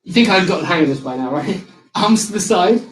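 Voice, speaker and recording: A young male fitness instructor leads a live online circuit class, cueing exercises in an upbeat, instructive way with light banter. His voice is high-pitched and expressive, and he speaks briskly. The room is echoey, with soft music in the background.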